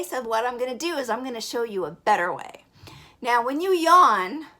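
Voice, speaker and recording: A woman giving an upbeat breathing and singing lesson for children, encouraging and demonstrating as she goes. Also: a little high. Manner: bright, encouraging, demonstrates breaths and sings alphabet. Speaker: vocal teacher for kids.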